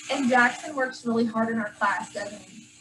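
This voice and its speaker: A woman teacher handing out awards to her first-grade class, speaking with warmth and sometimes getting teary. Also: on the high side, normal speed. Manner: affectionate, gets teary. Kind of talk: award ceremony speech to a class. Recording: distant camera, faint room noise.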